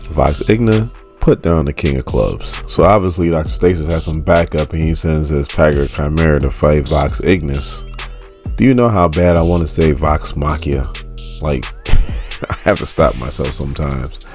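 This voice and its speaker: A man's voice: extremely low pitch, moderate pace, soft background music. A man casually recapping a comic book story, chatty and laughing often as he loosely retells the characters' lines.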